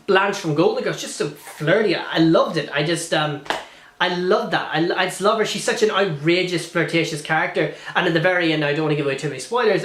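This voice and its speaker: Man in a film review vlog: gushing, rambling, a bit high-pitched, roomy echoey recording. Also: fairly bright tone. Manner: gushing, rambling with many restarts and fillers.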